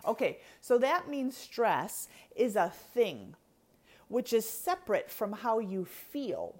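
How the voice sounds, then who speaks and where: A woman coach giving a casual teaching talk, chatty and animated, laughing often and checking in with "okay". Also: a little high, slow. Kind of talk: teaching talk to an online audience.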